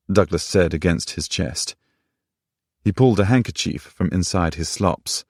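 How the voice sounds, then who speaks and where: A man narrating a romance audiobook in a measured, unhurried way. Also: deep voice, creaky, darkish tone, no echo, clean studio sound. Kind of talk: scripted narration.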